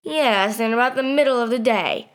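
A woman's voice: fairly high pitch, normal speed, clean tone, lightly acted. A woman voicing a naive, eager and talkative young man in a storybook reading. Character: naive chatty young man from a small town.

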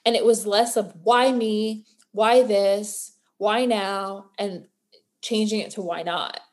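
A woman's voice: medium pitch, level tone, takes it slowly. A woman co-hosts a casual podcast. She gives an earnest pep talk with a mid-range voice. Her tone is motivational and sincere. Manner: earnest, motivational, building to emotion. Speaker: podcast co-host. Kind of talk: casual chat.

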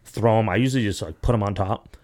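This young podcast host talks quickly in a fairly low, slightly mellow voice. His casual chat runs to long, meandering stories laced with profanity and constant "like" and "you know."

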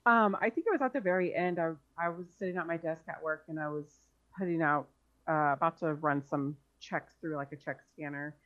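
A woman's voice: low voice, fairly quick. Hesitant woman guest, muffled audio. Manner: hesitant, recounting, many fillers. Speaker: podcast guest. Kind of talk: casual podcast conversation.

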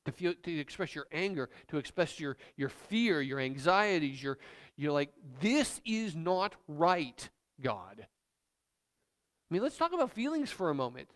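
A male pastor delivers a sermon in an animated, emphatic and conversational way. His voice sits high for a man and leaps widely in pitch. He sounds like he is talking straight to his listeners. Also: moderate pace.

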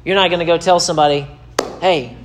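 A man's voice: fairly high pitch, brisk, a little hiss or hum. A man preaching to camera in a sermon-style teaching, emphatic and repetitive, his voice climbing when he presses a point. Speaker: pastor.

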